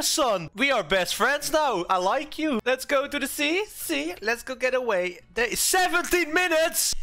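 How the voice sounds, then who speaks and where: A man streaming a game, talking in a casual, excitable way, swearing often and yelping at what happens on screen. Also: extremely high pitch, measured pace, noisy background. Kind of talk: casual gameplay commentary.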